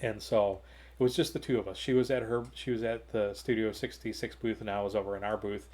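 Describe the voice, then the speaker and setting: A man's voice: on the low side, brisk. Rambling man telling a story at home. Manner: rambling, animated, with many fillers and restarts. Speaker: co-host of a gaming talk show. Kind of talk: casual anecdote telling. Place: home hobby room.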